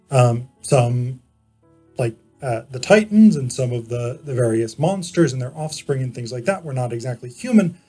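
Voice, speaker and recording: A man giving an informal philosophy lecture. He explains in a measured way, pausing often and correcting himself as he goes. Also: mid-range voice, dark tone, breathy edge. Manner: measured explaining, frequent pauses and self-corrections.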